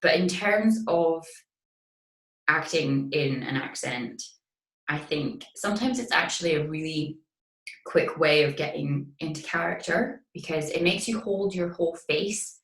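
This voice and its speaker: A woman's voice: sits low, a little slow, distant mic. A young woman with a light Scottish accent, an actress guest chatting casually and animatedly in an interview. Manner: chatty, animated, full of fillers. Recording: roomy echo.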